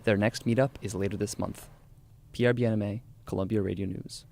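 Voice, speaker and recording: A man narrating a scripted radio news feature as a reporter, in a measured, even delivery. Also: fairly low pitch, creaky, slight background noise.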